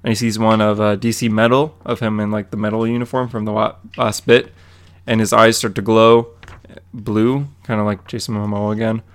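A man's voice: fairly low pitch, little pitch movement, normal speed. A man co-hosting a podcast, recapping a comic issue in a rambling, casual way with lots of fillers and quoted dialogue. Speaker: podcast co-host.

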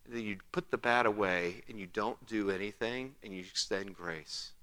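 A man's voice: on the low side, normal speed, hardly any pauses, pushed and bright. A man preaching a sermon as pastor, talking conversationally, asking rhetorical questions and acting out quotes. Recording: long hall reverb.

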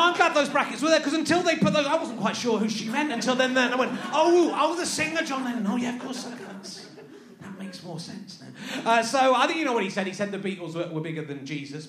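A male stand-up comedian with a high, slightly bright voice performs live, sarcastic and incredulous, teasing the audience as he reads out a list. The venue is echoey, and audience laughter can be heard.

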